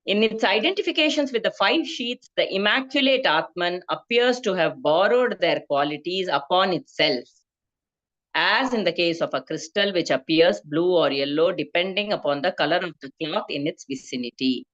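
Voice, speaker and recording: A woman's voice: fairly low pitch, animated, moderate pace, fairly bright tone, lo-fi sound. A woman leading a scripture study class over a video call, explaining patiently and tagging her points with "no?". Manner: explanatory, tags questions with "no?". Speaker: study group teacher.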